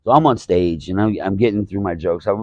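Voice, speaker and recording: A man's voice: sits low, a little fast, a little mellow, no echo, highs cut off. A man telling a profane, exasperated story about a show as a stand-up comedian. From Alabama. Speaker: stand-up comedian, podcast host. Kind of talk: casual storytelling rant.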